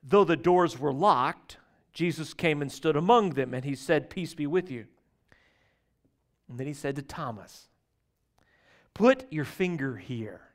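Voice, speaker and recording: A man preaching a sermon to his church, talking in a conversational, folksy storytelling way and swinging between loud and soft. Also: on the high side, animated, a little slow, pauses often. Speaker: pastor. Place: church sanctuary.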